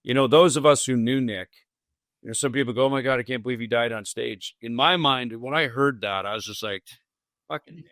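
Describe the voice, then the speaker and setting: A podcast host recounts a memory in a loose, rambling, conversational way, full of "you know" asides. His mid-range voice is a little fast and fairly bright, with no echo.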